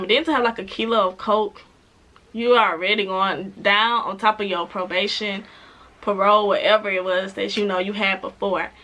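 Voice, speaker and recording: A woman giving a casual, animated recap of a TV episode, chatting with laughs and acting out the characters' lines, with speech. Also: medium pitch. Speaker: TV show reviewer.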